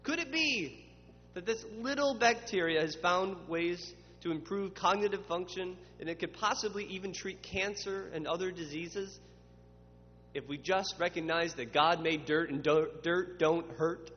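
Soft background music accompanies a pastor with a high voice preaching at a moderate pace. He dramatizes the questions of imagined questioners and builds toward forceful lists, captured in a muffled recording with long reverb and faint hum.

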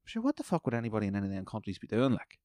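A man hosting a solo podcast, swearing freely and rambling excitedly while commentating a fight live. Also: lowish voice, rapid-fire, no room sound, studio quality. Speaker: podcast host.

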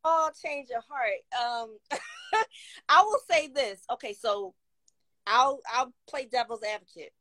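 Slow, bright-voiced woman guest. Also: sits high, expressive. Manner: brief agreeing backchannels. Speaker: guest, relationship coach. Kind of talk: casual chat.

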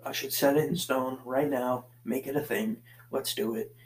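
A man's voice: mid-range voice, steady tone, normal speed, poor audio. Profane rambling man hosting a podcast. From Boston area, USA. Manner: profane, meandering, swears constantly. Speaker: podcast host. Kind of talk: casual solo podcast rambling. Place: basement, pacing back and forth.

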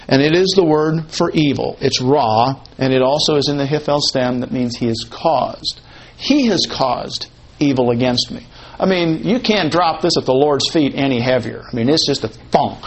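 A man teaching a Bible passage in a conversational way, slowing down to quote and stress words of the text. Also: medium pitch, slight background noise. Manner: conversational, explains Hebrew word order, quotes text slowly with emphasis.

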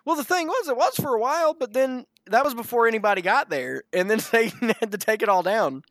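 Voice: mid-range voice, animated, fairly quick, a bit bright, no echo, studio quality. A podcast co-host telling a comic story in casual chat, rambling and giggling through lots of fillers.

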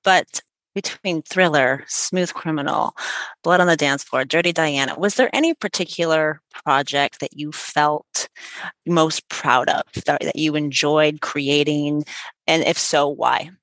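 A woman's voice: deep voice, measured pace, a bit bright, no room sound, poor audio. A woman hosting a podcast interview, asking questions in an eager, conversational way. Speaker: podcast host.

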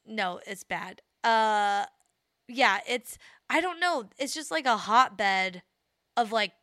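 A young woman co-hosting a podcast, chatty and quick to laugh at herself. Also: fairly high pitch, lively intonation, bright, forceful tone, no room sound, studio quality. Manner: chatty, laughs easily, self-mocking. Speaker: podcast co-host. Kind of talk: casual chat.

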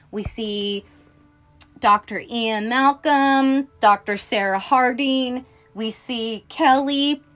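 A woman hosting a podcast who recaps films in a casual, rambling way, swearing freely and getting carried away as she tells the story. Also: fairly high pitch. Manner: profane, animated storytelling; rambling, self-interrupting. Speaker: podcast host.

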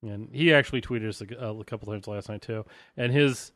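A man's voice: fairly low pitch, fairly quick, a bit bright, no echo, studio quality. A man co-hosting a podcast, chatting casually about a TV episode in a laid-back way and laughing easily. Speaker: podcast co-host. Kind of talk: casual chat reviewing a TV episode.

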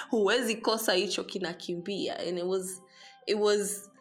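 A woman's voice: medium pitch, a little slow, soft background music. A young woman telling a story casually, chatty and profane, switching between Swahili and English.

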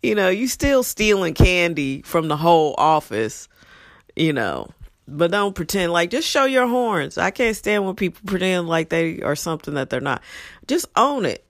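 A woman telling stories from her past in a blunt, animated, profane way, acting out what people said. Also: fairly low pitch, moderate pace, no room sound, clean studio sound. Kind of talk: casual storytelling monologue.

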